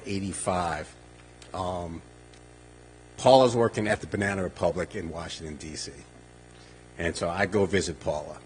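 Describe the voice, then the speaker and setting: Wry low-voiced man in his sixties. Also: slight background noise, rough recording. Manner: wry, joking, self-deprecating. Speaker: eulogy speaker, old college friend. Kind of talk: memorial eulogy, anecdotal storytelling. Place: memorial service venue.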